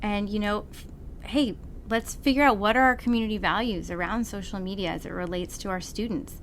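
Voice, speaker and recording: Woman in her forties, earnest guest, mid-pitched voice, faint hiss in the background. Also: a little fast. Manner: earnest, agreeable, many short affirmations. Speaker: school board candidate. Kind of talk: casual interview chat.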